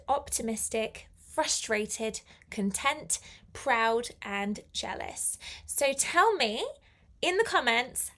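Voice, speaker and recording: A woman's voice: high-pitched, vocal fry, a bit bright. A woman teaching a live online English lesson, chatty and encouraging as she answers viewer comments.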